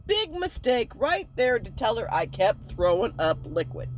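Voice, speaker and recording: A woman's voice: a little high, normal speed, hardly any pauses, slight background noise. A woman casually telling a personal story, acting out the dialogue and laughing at herself as she goes. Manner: animated, acts out the dialogue, laughs while telling; self-mocking, with many fillers and restarts.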